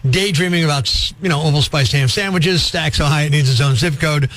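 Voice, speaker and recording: A man's voice: a little high, brisk, poor audio. A middle-aged man, a radio morning host telling self-deprecating stories in casual banter. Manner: self-deprecating, animated storyteller. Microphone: studio microphone.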